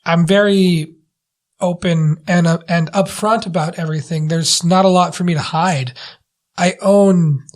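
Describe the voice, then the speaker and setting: A man's voice: sits high, steady tone, measured pace. A man co-hosting a casual movie review podcast, earnest and self-deprecating, often restarting his sentences. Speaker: podcast co-host. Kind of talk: casual chat.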